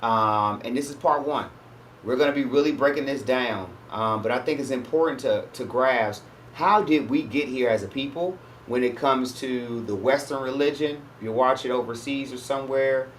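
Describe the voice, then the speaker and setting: A man's voice: mid-range voice, moderate pace, slight background noise. A man hosting his own channel, giving a casual religious teaching monologue in a conversational way and often checking in with his listeners. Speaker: host.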